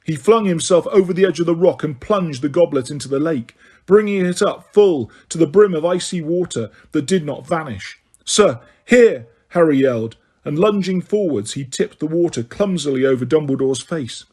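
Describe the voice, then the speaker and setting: Husky male audiobook narrator. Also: on the high side, lively intonation, normal speed, few pauses, darkish tone.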